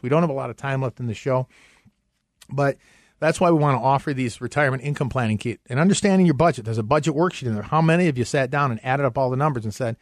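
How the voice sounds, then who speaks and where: Man hosting a finance radio show, upbeat sales pitch, dry close mic. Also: dry recording. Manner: upbeat pitch, repeats phone number slowly.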